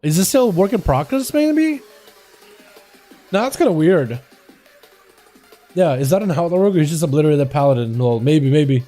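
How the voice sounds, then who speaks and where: A man streaming live, commentating game duels in an excitable, chatty way and talking to his chat. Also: a little high, moderate pace, long pauses, soft background music.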